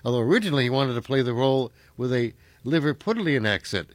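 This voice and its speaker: Male radio host, chatty, dry close sound, mid-pitched voice. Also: expressive, fast, no echo. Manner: chatty, with many fillers. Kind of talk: casual radio talk.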